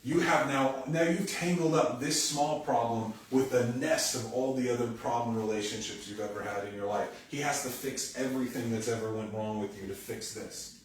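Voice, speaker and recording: A man preaches in a relaxed, talk-to-the-room way, breaking into little acted-out bits of dialogue. His voice is mid-pitched and sits back from the microphone. A long, roomy echo from the church hall hangs on every phrase, with faint ambience underneath. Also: normal speed, far from the mic, a little hiss or hum. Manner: conversational, animated, acts out quoted dialogue. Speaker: pastor. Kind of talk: sermon. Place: church sanctuary. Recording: echoey church hall, speaker away from mic.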